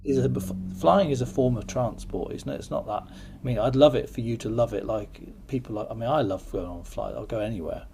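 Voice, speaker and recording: A man's voice: medium pitch, brisk, hardly any pauses, over music. A man hosting a podcast, chatting casually in an encouraging way and laughing often. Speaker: podcast host. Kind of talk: casual chat.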